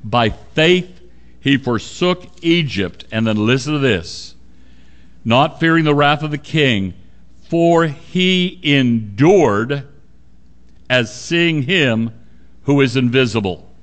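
A man preaching a sermon, earnest and emphatic, dropping low and quiet to stress points. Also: animated, slow pace.

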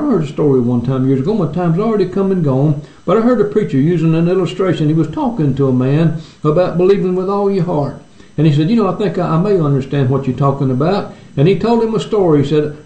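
A man's voice: high-pitched, mellow, reverberant, poor audio. A pastor preaching an earnest radio sermon, often stammering and restarting his words as he pleads with his listeners.

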